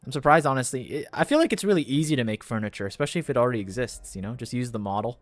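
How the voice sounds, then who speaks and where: A man's voice: mid-range voice, lively intonation, rapid-fire, no room sound. A man streaming a game for the first time, chatting casually and rambling with a self-deprecating humor. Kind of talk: casual commentary while gaming.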